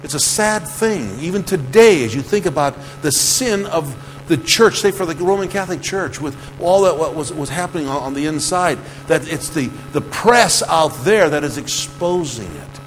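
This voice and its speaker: Man preaching in church, keeps repeating stuff, big echo tail and soft music under it. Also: a little high, lively intonation, normal speed, few pauses. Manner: earnest preaching, with repeated phrases and rhetorical questions. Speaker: pastor. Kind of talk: sermon.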